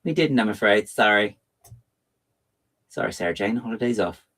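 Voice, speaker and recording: A man's voice: fairly low pitch, expressive, moderate pace, fairly bright tone. A man voicing a breezy, apologetic male time traveller in a sci-fi serial pastiche.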